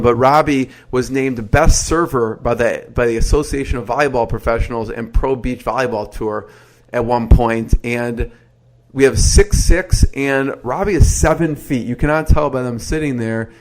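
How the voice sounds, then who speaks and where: Male podcast host with a mid-range voice, eager and chatty, asking quick questions in a casual interview. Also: mid-range voice.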